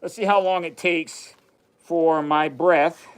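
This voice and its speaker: A man's voice: a little high, fairly even intonation, slow pace, smooth. A man hosting a casual chemistry livestream, chatting to viewers as he runs experiments, laughing often. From United States. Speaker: livestream science host. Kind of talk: casual live demo chat.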